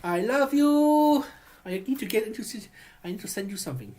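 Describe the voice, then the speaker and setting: A man recording a rambling, affectionate personal video message, talking in halting bursts full of restarts and calling his partner honey. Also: high voice, big pitch swings, a little mellow. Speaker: vlogger.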